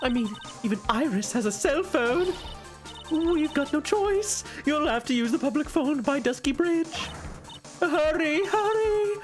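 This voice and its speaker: A woman's voice: sits high, lively intonation, unhurried, faint music behind, pitched above the performer's own voice. A woman voicing a brash, impatient older woman who scolds and orders people about. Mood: bossy. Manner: scolding, bossy.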